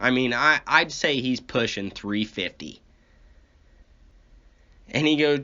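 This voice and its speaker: A man's voice: on the high side, measured pace, pauses often, pushed and bright. A man telling a rambling, profane comic story and complaining as he goes. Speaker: comedy podcast host. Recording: dull lo-fi recording.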